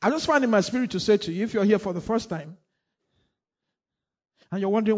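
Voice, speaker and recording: A man's voice: sits high, a little fast, long pauses, highs cut off. A man preaching a sermon in church, repeating phrases and calling on the congregation to respond. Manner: repetitive, call-and-response, rising to shouts. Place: church hall.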